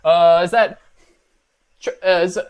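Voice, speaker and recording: A young college student with a high, clear, resonant voice speaks slowly in a steady tone. Hosting a comedic reaction video, he rambles in a mock-earnest, self-deprecating way, full of fillers and restarts.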